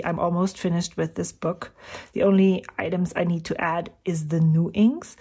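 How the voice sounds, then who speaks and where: A woman's voice: fairly low pitch, darkish tone, breathy edge. A middle-aged woman rambling casually about inks as she swatches at her desk at home, thinking aloud and sometimes dropping to a whisper. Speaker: fountain pen vlogger.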